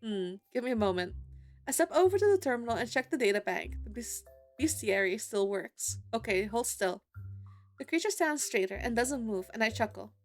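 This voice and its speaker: A woman streamer reading a dating-sim story aloud in an expressive, giggly way, breaking into excited squeals between lines. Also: on the high side, normal speed, faint music behind. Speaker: gaming streamer. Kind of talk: reading a visual novel aloud.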